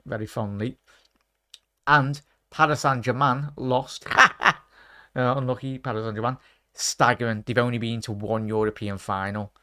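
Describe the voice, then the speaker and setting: Man, quiz host, casual stream chat, rambling, self-correcting, mid-range pitch. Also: fairly bright tone, smooth. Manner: chatty, rambling, corrects himself often.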